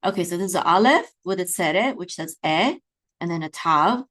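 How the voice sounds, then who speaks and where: A middle-aged woman with a fairly low voice gives a beginner reading lesson. She sounds out syllables slowly and repeats them, checks in with "okay?" after each step, and now and then sings words to their traditional melody. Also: expressive, fairly bright tone. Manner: chants words with cantillation melody. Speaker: Hebrew teacher.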